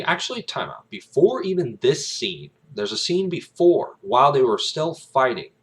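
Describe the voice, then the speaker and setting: A man's voice: sits low, fairly bright tone. A man casually retelling a film scene, rambling with many ums and restarts. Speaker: aspiring actor, vlogger.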